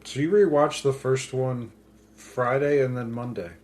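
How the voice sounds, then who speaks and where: This podcast co-host has a medium-pitched, slightly mellow voice, keeping a steady tone at an unhurried pace. Chatting casually from home into a pink studio mic, he walks through a film with jokes at his own expense.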